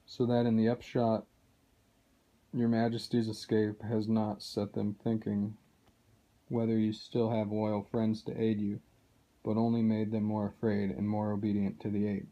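A man's voice: lowish voice, monotone, measured pace, mellow. A man reading aloud as a loyal male dwarf telling what he overheard, in a plain, earnest way. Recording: dull lo-fi recording.

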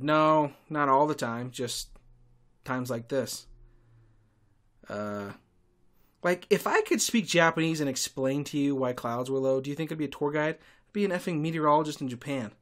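A man hosting a podcast, telling stories in a sarcastic, irritable monologue with sudden loud outbursts. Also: medium pitch, moderate pace. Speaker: podcast host and tour guide. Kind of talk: casual ranting monologue.

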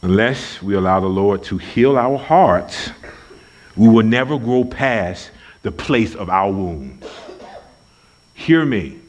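A man preaching a sermon at a church service, emphatic and folksy, repeating his key lines for weight. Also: mid-range voice. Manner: conversational, folksy asides. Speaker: pastor.

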